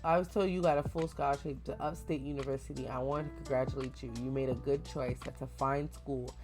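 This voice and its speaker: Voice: medium pitch, steady tone, fairly quick, music in the background, natural voice. A reader doing a kindly old school principal. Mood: reassuring. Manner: reassuring, formal.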